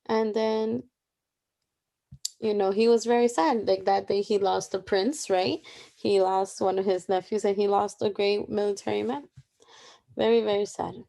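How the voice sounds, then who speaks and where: Young woman doing a relaxed bible study recap, super casual and chatty. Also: medium pitch, unhurried, vocal fry. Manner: chatty and informal, many fillers and asides. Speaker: Bible reading plan presenter.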